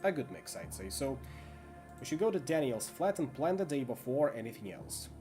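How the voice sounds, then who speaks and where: A man reading and narrating a solo tabletop roleplaying game, in a measured storyteller manner. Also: soft background music. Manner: measured storyteller, lively pitch.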